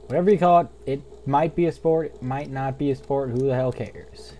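A man's voice: medium pitch, moderate pace, dark tone, slight background noise. A young man giving casual gameplay commentary from home on a desktop mic, rambling, goofy and swearing a lot. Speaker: let's play commentator.

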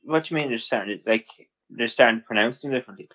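Male podcast co-host, husky, short reactions, dull lo-fi sound. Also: medium pitch, rapid-fire, a bit bright. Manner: laughs a lot, short reactions. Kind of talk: casual chat.

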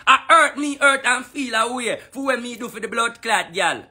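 A man's voice: very high voice, animated, moderate pace, bright, forceful tone, breathy edge. A man with a Jamaican accent delivering a heated, profane rant in patois, full of repeated taunts. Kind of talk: angry ranting monologue.

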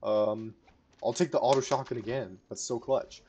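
A young man giving casual live commentary to a teammate while playing a battle royale game, rambling one moment and shouting callouts the next. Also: mid-range voice, normal speed, a little hiss or hum. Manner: casual, rambling, bursts into excited shouting in fights. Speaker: gamer streamer.

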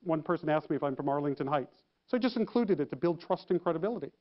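A man telling a story to an audience, lively, acting out the phone calls he describes. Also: on the high side, fast, highs cut off. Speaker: keynote speaker. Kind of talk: storytelling talk.

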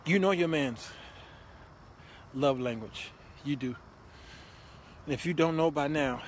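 A man hosting a show, giving comic relationship advice in an animated, laughing, preachy way. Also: a little high, a little slow, pauses often, slight background noise. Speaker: host. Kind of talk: comedic relationship advice monologue.

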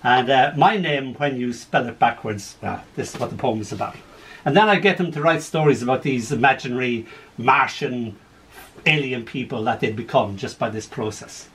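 A man with an Irish accent reading his poems gently and lyrically over a video call, with chuckling asides. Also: mid-range voice, normal speed. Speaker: poet.

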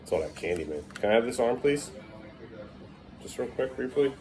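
A man's voice: medium pitch, big pitch swings, brisk, darkish tone, a little hiss or hum. A man in his thirties, a father filming a casual family vlog at home, teasing and coaxing his young kids. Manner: playful teasing dad, coaxing and praising kids.

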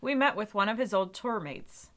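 An actress playing a deadpan entertainment reporter who narrates and interviews in a mockumentary. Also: female voice, medium pitch, normal speed, slight background noise, lightly acted. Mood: dry. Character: female entertainment reporter, dry and exasperated. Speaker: documentary interviewer.

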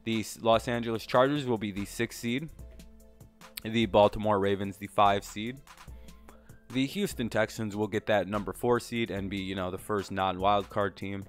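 A man's voice: on the low side, fairly even intonation, normal speed, soft background music. A man casually talking through his sports predictions as a channel host, rambling with many fillers and some swearing, a bit out of breath. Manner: rambling, lots of fillers and profanity.

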